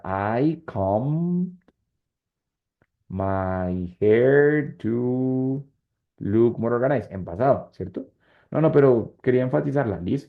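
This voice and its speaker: This fairly low-pitched man teaches English grammar in an online class, moving between English and Spanish, his first language. He checks in with his students frequently, and the audio has a slightly dull, lo-fi quality.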